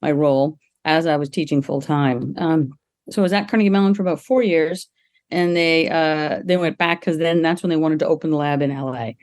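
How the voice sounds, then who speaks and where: A middle-aged woman, a guest on an interview podcast, telling lively stories and laughing often as she talks. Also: brisk. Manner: lively, acts out quoted people with jumps in pitch. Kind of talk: casual interview storytelling.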